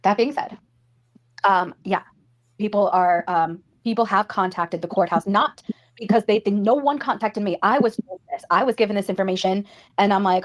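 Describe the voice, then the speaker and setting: A woman's voice: mid-range voice, moderate pace. A woman content creator ranting on a livestream, swearing heavily. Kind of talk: livestream rant.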